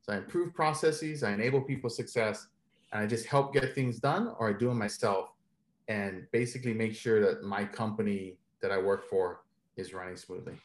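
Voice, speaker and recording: A man being interviewed, telling stories in an animated way and laughing often. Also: lowish voice, moderate pace. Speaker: interview guest. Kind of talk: casual storytelling interview.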